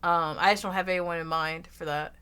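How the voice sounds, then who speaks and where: A young woman with an American Southern accent, chatting loudly and casually with her stream audience, rambling and swearing freely. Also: steady tone, a little fast, smooth. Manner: loud, rambling, swears freely, bursts into shrill laughs. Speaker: VTuber streamer.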